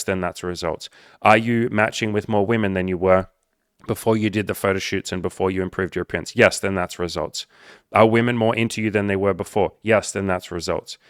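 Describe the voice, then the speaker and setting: Male dating coach, low register, dry close recording; blunt, profane, emphatic monologue. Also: a bit bright, no room sound. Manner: brash, profane, emphatic, repetitive.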